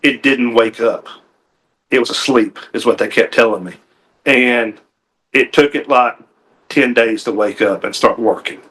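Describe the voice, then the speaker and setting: A man tells a personal story in a TV interview, his voice bright and clear. He talks in a folksy, earnest way, often restarting his sentences with an "uh." He is a game warden speaking plainly. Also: mid-range voice, measured pace, pauses often.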